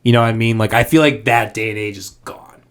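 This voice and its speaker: Male host, low-pitched, loose rambling talk in studio chat. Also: steady tone, fast talker, fairly bright tone, smooth. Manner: rambling, loose, filler-heavy, crude jokes. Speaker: podcast host. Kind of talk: casual podcast chat. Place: podcast studio.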